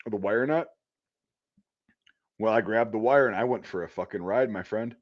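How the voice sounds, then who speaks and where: A man's voice: fairly low pitch, moderate pace, muffled recording. A man who works as an electrician, telling a rambling work story in casual chat, swearing often and stumbling over fillers. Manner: profane, rambling, full of fillers.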